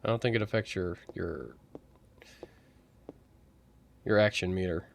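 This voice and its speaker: A man's voice: low-pitched, fast, vocal fry, hardly any pauses. A sleepy man thinking aloud as he streams a game playthrough. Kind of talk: casual game playthrough commentary.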